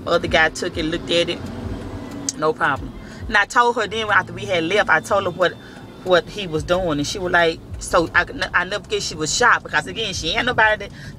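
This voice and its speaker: A man telling a story to the camera in casual, profane speech, acting out the dialogue. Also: sits high. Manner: profane, animated, acts out dialogue. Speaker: vlogger.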